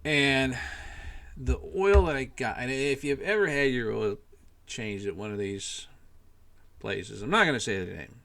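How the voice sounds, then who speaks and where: A man ranting in a casual monologue, rambling and exasperated, swearing often and filling pauses with "you know". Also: medium pitch, creaky, fairly bright tone. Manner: profane, rambling, exasperated, lots of fillers. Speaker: podcast host.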